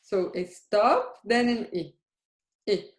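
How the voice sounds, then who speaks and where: A woman with a mid-range, darkish voice speaks slowly as she teaches a live beginner Arabic lesson in an echoey room. Patient and questioning, she frequently checks that her students understand.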